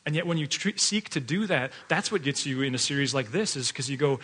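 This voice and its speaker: Male pastor, bright and forward tone, casual storytelling sermon, loose and filler-heavy. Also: mid-range voice, expressive, a little fast, breathy edge. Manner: chatty, filler-heavy, often laughing while telling stories.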